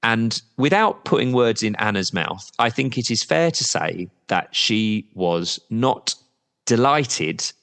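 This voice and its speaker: A man's voice: lowish voice, lively intonation, slow pace, a bit bright, big-room sound. A man representing a football supporters' trust as a podcast guest, talking candidly and at length, with the odd blunt swear word.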